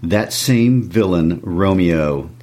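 A man reading the part of a stern, vengeful noble mother in a classroom read-aloud of a play, with a measured, stern delivery. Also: low voice, animated, darkish tone, exaggerated voice.

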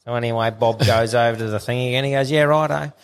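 A man's voice: mid-range voice, level tone, fast, clean tone. A man with an Australian accent hosting a podcast, telling crude jokes in casual banter. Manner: crude joking, storytelling. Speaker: podcast host.

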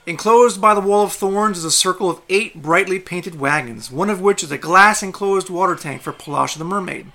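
A man narrating a tabletop game as game master, describing the scene in a relaxed way. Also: high voice, fairly quick, hardly any pauses.

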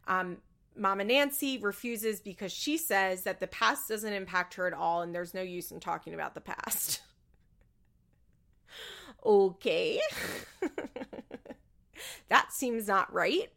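Her voice sits mid-range with a fairly bright tone, though it turns creaky, moves slowly, and stops for frequent pauses. She's a podcast host casually recapping a reality show, opinionated and cursing freely, exaggerating other people's lines in larger voices.

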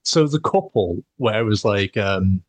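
A man's voice: fairly low pitch, expressive, normal speed, no echo. A young man, hosting a podcast and telling a rambling, sweary story with laughs. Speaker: podcast host. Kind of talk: casual storytelling chat.

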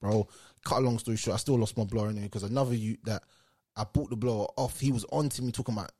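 A man's voice: fairly low pitch, very fast. A man chatting casually as a guest, telling a story in heavy street slang and acting out what others said. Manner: animated storyteller, heavy street slang, acts out quoted voices. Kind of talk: casual chat.

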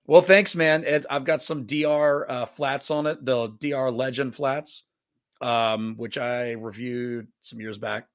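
A man talking casually as a podcast guest, his voice carrying a gravelly edge. He takes his time, stumbles through fillers and restarts, and drops the odd dry joke. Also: mid-range voice, steady tone, measured pace. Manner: laid-back, hesitant, many fillers, dry humor. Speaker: guest musician. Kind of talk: casual interview chat.

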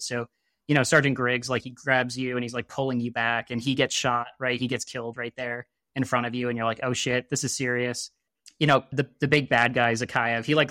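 A man's voice: mid-range voice, a bit bright, no room sound, studio quality. A man in casual chat, telling a long story in a rambling way, full of fillers and restarts, and laughing at his own jokes. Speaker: podcast guest.

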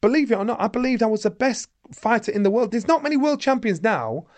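A middle-aged man, the guest in an interview, telling stories in a lively way and acting out the voices of others. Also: very high voice, fast. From England. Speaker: guest, former boxer. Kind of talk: animated anecdote telling.

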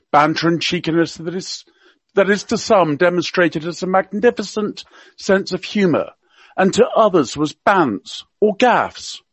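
A man's voice: high-pitched, breathy edge, no echo. A man with a slight received pronunciation accent reading a wry, scripted humorous piece as a radio guest. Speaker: guest commentator. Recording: dull, dry lo-fi sound.

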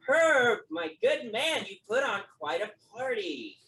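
A game master voicing a smooth, glad-handing male politician who flatters everyone and fills his talk with ums and uhs. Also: mid-range voice, unhurried, voice pushed up. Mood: schmoozing. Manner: effusive, flattering, full of fillers. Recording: roomy, from a distant mic.

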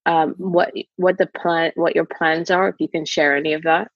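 A woman's voice: low voice, flat delivery, normal speed, no echo, muffled recording. A woman interviewer asking follow-up questions and giving short, encouraging affirmations.

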